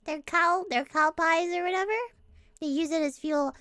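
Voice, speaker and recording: A woman's voice: very high voice, steady tone, normal speed, a bit bright, no room sound. A woman streamer in casual chat, laughing and swearing while reading comments aloud into a close desk mic.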